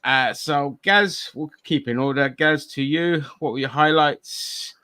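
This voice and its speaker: A man's voice: on the high side, a little slow, bright, forceful tone, clear, resonant tone, dry recording. A man hosting a casual review podcast, rambling loosely and swearing casually. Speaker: podcast host.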